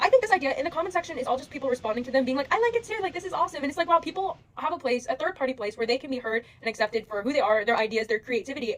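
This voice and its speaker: A woman's voice: high-pitched, poor audio. A young woman talking straight to her followers, earnest and emotional, rambling through plenty of fillers as she asks for patience. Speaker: social media creator. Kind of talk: direct-to-camera address to followers.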